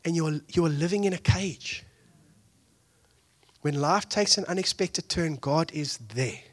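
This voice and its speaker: A pastor with a fairly high voice delivers a conversational sermon at a measured pace. He moves from hushed asides to loud, excited peaks and acts out the people he quotes.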